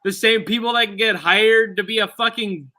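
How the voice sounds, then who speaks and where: Bright, high-voiced man ranting. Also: normal speed. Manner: profane, rambling storyteller. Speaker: podcast co-host. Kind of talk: casual chat.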